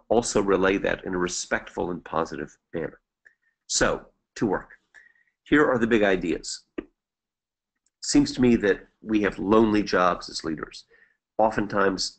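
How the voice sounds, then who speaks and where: Low gravelly man hosting a webinar. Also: low-quality recording. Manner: earnest, deliberate, repeats key points slowly. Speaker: webinar host. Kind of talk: presenting a webinar.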